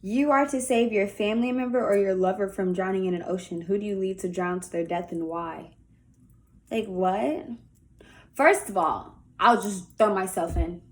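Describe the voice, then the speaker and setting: Young woman vlogger, candid, rambling Q&A chat, mid-pitched voice. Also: moderate pace. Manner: chatty and candid, lots of "like". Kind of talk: casual Q&A vlog. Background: faint music early on.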